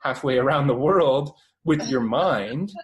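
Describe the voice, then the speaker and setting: A man's voice: mid-range voice, animated, measured pace, dull audio. A young man in his twenties with a Canadian accent, a guest on an interview, talking casually and rambling with many fillers and restarts. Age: 20s.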